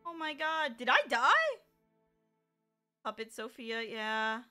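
A woman with a high, bright voice talks through a video game live, excitable and quick to exclaim, swearing freely along the way. She speaks close into a desk microphone while the game's music plays clearly underneath. Her talk is loose and chatty, as if she is reacting to her viewers in real time. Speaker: streamer. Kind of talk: live gameplay commentary.

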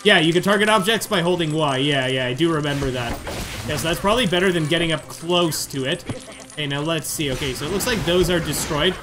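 A man giving chatty, excitable commentary over his own video game playthrough. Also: a little high, fairly quick, noisy background. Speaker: gamer doing a playthrough. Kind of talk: casual let's-play commentary. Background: game music.

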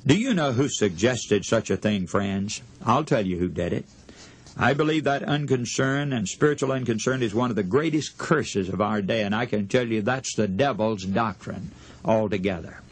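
A man's voice: on the low side, husky. Earnest preaching man. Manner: earnest, impassioned preaching with dramatic pauses. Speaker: radio preacher. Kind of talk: sermon.

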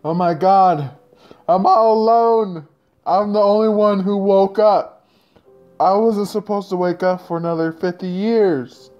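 A man playing a lone survivor waking in an empty shelter, exclaiming loudly to himself. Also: on the high side, steady tone, unhurried, few pauses, smooth, highs cut off, soft background music, pitched above the performer's own voice, natural voice. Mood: alarmed.

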